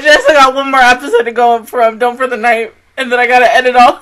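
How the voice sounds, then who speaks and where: A woman's voice: on the high side, steady tone, fast, hardly any pauses, fairly bright tone. A woman hosting an anime reaction video, talking emotionally and effusively, full of "like" and swearing.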